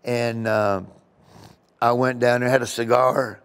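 Man, comedian guest, casual storytelling, rambling anecdotes, animated delivery, mid-pitched voice. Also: slow pace, clear, resonant tone. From United States.

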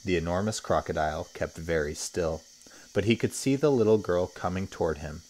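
A man, a teacher, reading a children's story aloud with expressive storytelling. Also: low-pitched, fairly quick.

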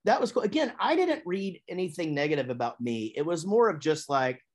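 A middle-aged man, a musician and voice actor, chatting as a podcast guest in a lively, rambling way. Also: fairly quick. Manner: chatty and animated, with big pitch swings when telling stories. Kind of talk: casual interview chat.

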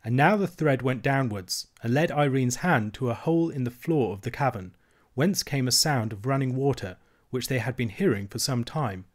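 A man with a voice of medium pitch reads a children's novel aloud. His narration is steady and measured. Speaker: reader.

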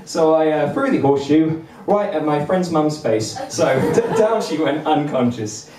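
Young guy doing stand-up, high voice, bumbling and self-deprecating, roomy club sound from far off. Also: animated, moderate pace, warm tone. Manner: bumbling, self-deprecating, chuckles between lines. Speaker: stand-up comedian. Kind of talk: stand-up comedy set. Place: comedy club stage. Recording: roomy venue, mic at a distance.

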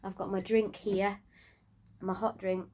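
Woman, home vlogger, ill and exhausted, nasal, monotone, halting delivery. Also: mid-range voice. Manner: tired, breathy and halting, trailing off. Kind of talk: casual video diary. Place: in bed at home.

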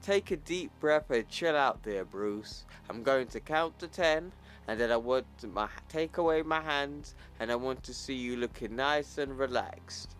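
A man's voice: medium pitch, unhurried, a bit bright, natural voice. Comic recap, man reading as arrogant giant hero, everyday voice, faint music under. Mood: condescending.

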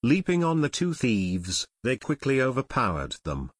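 A man's voice: medium pitch, wildly swooping pitch, moderate pace, breathy edge, dry recording, clean studio sound. A man narrating an audiobook expressively, voicing every character.

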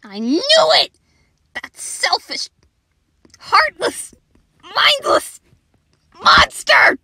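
Brief: raging dinosaur, a woman voicing it, forceful and bright. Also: extremely high pitch, wildly swooping pitch, very slow, no room sound, pitched above the performer's own voice, exaggerated voice. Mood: enraged. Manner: enraged, shouting. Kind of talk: fan dinosaur audio drama.

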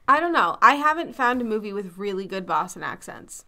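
Bright-voiced chatty Massachusetts woman. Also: medium pitch, big pitch swings, brisk. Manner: chatty, full of fillers and hedges. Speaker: podcast co-host. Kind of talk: casual chat.

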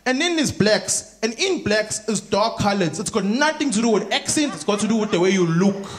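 A South African man doing a stand-up comedy routine on a theatre stage, telling animated stories and acting out other people. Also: sits high, a little fast. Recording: roomy theatre sound with crowd noise. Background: laughing audience.

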